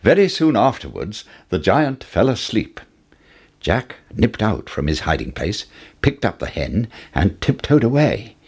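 A man narrating a children's fairy tale in an expressive, deliberate storytelling manner. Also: lowish voice, breathy edge.

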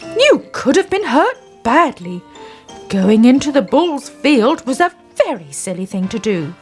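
Brief: firm, lecturing farmer woman reader, slow delivery. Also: sits high, big pitch swings, soft background music. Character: stern but kindly old farmer, a man.

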